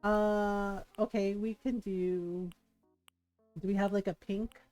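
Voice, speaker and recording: A woman's voice: mid-range voice, fairly even intonation, takes it slowly, dark tone, faint music behind. A woman streaming a life-sim game, chatting casually, telling stories and laughing often. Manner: chatty, storytelling, laughs often, playful quoted voices.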